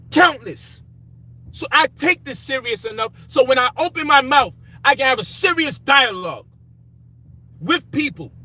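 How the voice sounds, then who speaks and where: A man's voice: sits high, pushed and bright. A man ranting in frustration, profane and emphatic, with faint background noise. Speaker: commentator. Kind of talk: frustrated personal rant.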